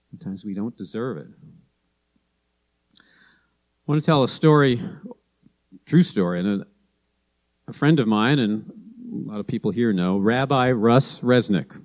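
A man's voice: fairly low pitch, a little slow, pauses often. A middle-aged man, a pastor, preaching a sermon in a conversational way, telling stories and acting out quotes. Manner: conversational storytelling, with anecdotes and acted-out quotes.

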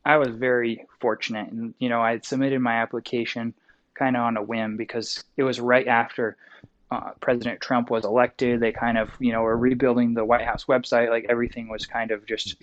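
A young man from Wyoming tells a long story as an interview guest, folksy and rambling, often correcting himself mid-sentence. His voice sits at an ordinary pitch, and the recording sounds slightly dull and lo-fi. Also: little pitch movement, a little fast.

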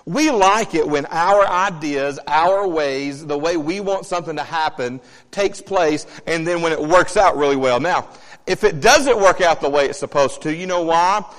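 A male pastor preaching a sermon, animated, asking the congregation questions and swinging between loud, quick passages and low, quiet ones. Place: church sanctuary. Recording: long hall reverb.

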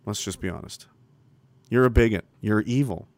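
A man ranting profanely on a casual livestream, reading out viewer comments and swinging from loud emphasis to mutters. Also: lowish voice, moderate pace, dry recording. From Canada.

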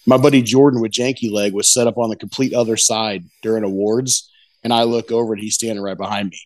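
A middle-aged man, a competition barbecue pitmaster, telling a rambling, excited story in a casual interview, often saying "you know what I mean". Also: lowish voice, fast, no room sound.

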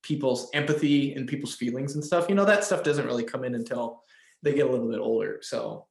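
A man's voice: mid-range voice, brisk, vocal fry, echoey room. A man in his thirties, a father, chatting casually on a podcast with many fillers and restarts. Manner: rambling, lots of fillers and restarts. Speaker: podcast co-host.

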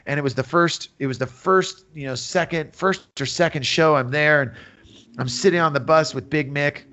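A man's voice: on the high side, normal speed, pushed and bright. A man from the Bay Area in his fifties, telling stories as a guest in a casual interview, rambling with many fillers. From San Francisco Bay Area. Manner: rambling, full of fillers, acts out quotes. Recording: dull lo-fi audio.

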